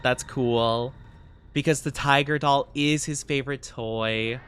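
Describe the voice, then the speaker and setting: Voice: mid-range voice, animated, unhurried, fairly bright tone, a little hiss or hum. A streamer casually commenting on gameplay, giggly and self-mocking, chatting with viewers.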